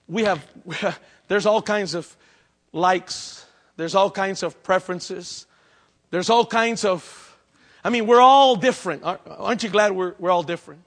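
A man preaches a sermon in a church. His voice sits very high and rings bright. He swings from dramatic near-shouts down to hushed, intimate asides. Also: slow pace, pauses often. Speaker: pastor.

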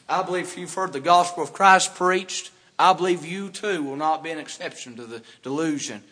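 A man pastor preaching a sermon in a church, fervent, swinging between hushed passages and loud emphatic ones. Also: fairly high pitch, brisk, few pauses, in a large hall. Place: church sanctuary.

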